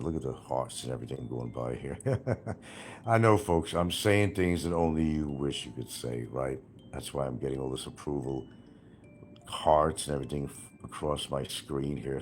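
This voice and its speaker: A man's voice: rumbling low, moderate pace, slight background noise. A man ranting on a livestream, taunting and sarcastic, swearing and chuckling at the person he attacks. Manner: taunting, profane, sarcastic, laughing at his target. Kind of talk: livestream rant.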